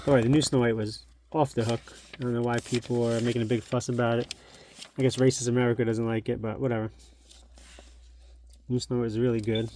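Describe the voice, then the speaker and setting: Showing an old magazine at home for his collectibles channel, this middle-aged host chats casually and nostalgically, thinking out loud as he goes. He talks a little fast at medium pitch with little pitch movement and a warm tone, over slight background noise.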